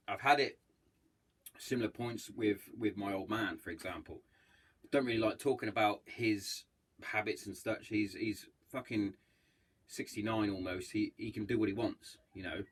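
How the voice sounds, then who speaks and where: A man's voice: medium pitch, slightly rough. Sweary, blunt man hosting a podcast. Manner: acts out others' lines in quick voices. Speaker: podcast host. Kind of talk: casual solo podcast chat.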